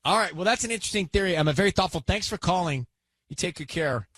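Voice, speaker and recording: A man's voice: high voice, lively intonation, fairly bright tone, no echo, studio quality. A man hosting a radio show, bantering and teasing his co-hosts, often cutting in. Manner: teasing, quick to cut in. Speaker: radio host.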